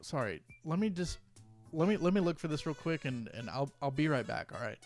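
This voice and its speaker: A man's voice: fairly high pitch, expressive, brisk, a little mellow, soft background music. A young man giving comedic commentary as a YouTuber, rambling and stumbling over his words as he reads posts aloud.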